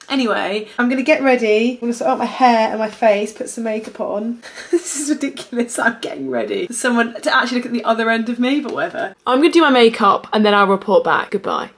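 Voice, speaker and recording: A woman's voice: a little high, brisk. A woman in her twenties with a British accent, chatting casually to camera in a vlog, rambling and self-deprecating. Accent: British English. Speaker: vlogger.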